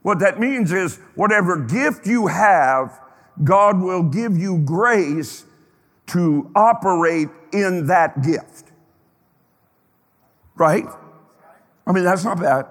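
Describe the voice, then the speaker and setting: In a church sanctuary with a reverberant hall sound, a male pastor preaches emphatically, stretching out phrases and firing questions at his congregation. His voice is high-pitched, expressive, and fairly bright, slow and full of pauses.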